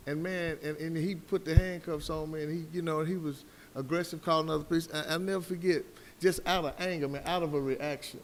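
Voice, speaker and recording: A man's voice: a little high, fairly even intonation, brisk, big-room sound, slight background noise. A man on a live debate panel, telling a personal story with fervor and calling his listeners brother like a preacher.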